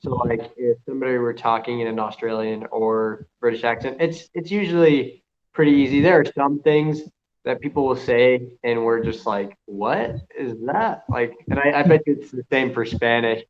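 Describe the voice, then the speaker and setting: A young American man chats casually on a video call as a conversation partner, speaking in a mid-range voice at a moderate pace. He rambles with many fillers and restarts, and the audio is muffled with a faint hiss.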